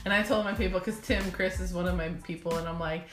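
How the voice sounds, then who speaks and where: A woman chatting casually, telling animated stories about her calls, laughing often and acting out the people she talks to. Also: on the low side, quick pace, roomy sound, over music. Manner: animated storyteller, laughs a lot, acts out callers. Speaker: guest telling work stories. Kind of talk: casual chat.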